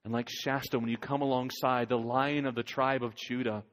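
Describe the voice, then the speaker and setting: Man preaching a sermon, dramatic, mid-pitched voice, loud then hushed. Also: little pitch movement, normal speed. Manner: dramatic, swings from loud urging to near whisper. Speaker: pastor.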